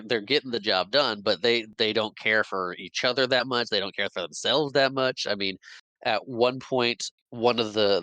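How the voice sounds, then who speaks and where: Chatting casually about a movie on his podcast, a man with a fairly bright, lowish voice recounts the plot and voices the characters' lines, laughing along. The audio is rough, though there's no room sound.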